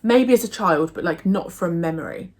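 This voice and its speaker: A young Englishwoman who runs a book vlog chats casually and with real enthusiasm about books she's read, full of fillers and restarts. Her voice sits lowish and a little mellow, and she talks at a moderate pace.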